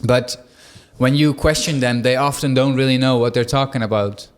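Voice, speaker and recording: Young aussie guy hosting a podcast, smooth clear voice, casual and curious, lots of ums. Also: medium pitch, fairly even intonation, normal speed. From Australia. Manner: casual, questioning, with fillers. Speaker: podcast host. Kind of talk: interview.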